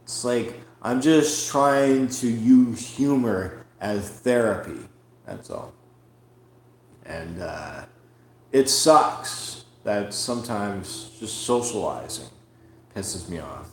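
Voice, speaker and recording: Solo podcast host, male, slow and profane, roomy home echo. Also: on the low side, lively intonation, slight background noise. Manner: profane, rambling and frustrated. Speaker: comedian hosting a podcast. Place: room at home. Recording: roomy echoey room.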